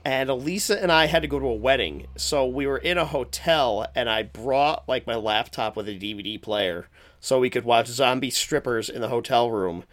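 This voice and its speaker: A man in loose podcast banter, wry and self-mocking, cursing without a second thought. His voice is bright and forceful at a middle pitch. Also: normal speed. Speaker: podcast co-host. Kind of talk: casual chat.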